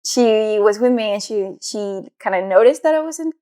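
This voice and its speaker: A young woman co-hosts a podcast in casual chat, rambling and hesitant with plenty of fillers. Her voice is medium-pitched and mellow, with lively intonation at a normal speed.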